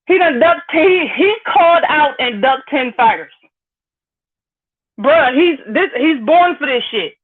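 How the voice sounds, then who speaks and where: High-voiced woman ranting over a tinny line. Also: lively intonation, measured pace. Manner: blunt, profane, fired-up, greets chat viewers. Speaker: live-stream host. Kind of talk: heated live-stream rant. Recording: phone-like lo-fi audio.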